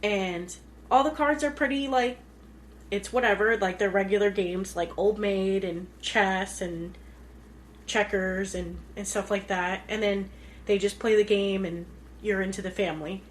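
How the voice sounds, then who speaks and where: A woman's voice: medium pitch, steady tone, a little slow, a little hiss or hum. Chatty woman podcast co-host. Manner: chatty, retells scenes with many "like"s. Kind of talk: casual chat.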